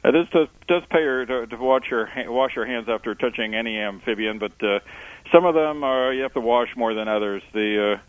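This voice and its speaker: A male explorer and author, a guest on a radio interview, telling adventure stories in a relaxed way with many "uh" fillers, heard over a phone line. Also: mid-range voice, brisk, no echo. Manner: relaxed storyteller with frequent uh fillers. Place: on location, not in studio. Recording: dry tinny phone line.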